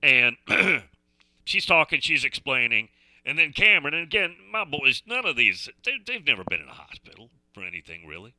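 A man's voice: mid-range voice, big pitch swings, normal speed, pushed and bright, dry recording. A middle-aged man hosting a radio talk show, telling a folksy story in a chatty way that repeats and restarts phrases. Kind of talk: casual storytelling chat.

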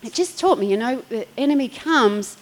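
A woman's voice: a little high, animated, moderate pace, rough recording. Chatty woman pastor preaching. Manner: chatty storytelling with laughter and acted-out quotes. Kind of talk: sermon.

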